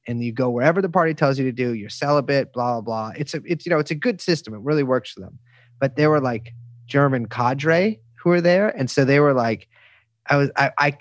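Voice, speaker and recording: A man talks casually as an interview guest, circling back with restarts, fillers and plenty of swearing. His voice sits at a middle pitch and is recorded close and dry, with no room sound. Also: no room sound. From United States. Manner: rambling, many restarts and fillers, profane.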